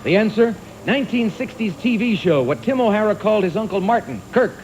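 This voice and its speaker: A man hosting a quiz show, briskly reading clues and calling on contestants. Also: high voice, low-quality recording. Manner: brisk, lively and animated. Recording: archival TV audio with faint hiss.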